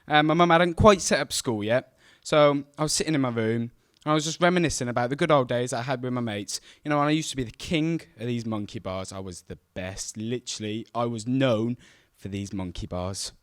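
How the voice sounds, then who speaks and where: A young man telling a true story on stage, animated and self-mocking as he acts out the scenes. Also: medium pitch, brisk, hardly any pauses, no echo, studio quality. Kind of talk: live storytelling to an audience. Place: stage at a live event.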